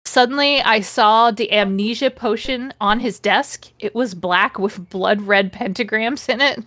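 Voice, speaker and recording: A woman's voice: mid-range voice, measured pace, fairly bright tone, no echo. Woman, podcast host, comedic read-aloud, sarcastic asides, swears, dry close sound. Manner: sarcastic, swears freely, mocks the text. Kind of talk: comedic dramatic reading with commentary.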